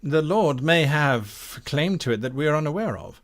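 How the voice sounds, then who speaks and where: A man's voice: a little high, lively intonation, normal speed, voice pushed up. A man voicing a dutiful male guard captain who speaks in formal, unbending sentences. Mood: stern, formal.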